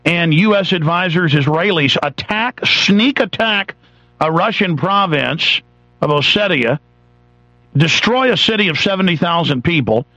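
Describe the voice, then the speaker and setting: A man's voice: fairly high pitch, moderate pace, bright, forceful tone, no room sound. A man, hosting a radio show, delivers an angry, sarcastic political rant, sometimes mocking the voices of others. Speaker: radio host. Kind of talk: ranting political talk radio monologue. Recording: dull lo-fi radio broadcast.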